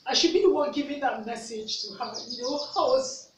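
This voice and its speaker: A woman's voice: high voice, fairly quick. A Nigerian woman vlogger telling a personal story, earnest, repeating herself for emphasis. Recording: echoey room, mic at a distance, faint noise.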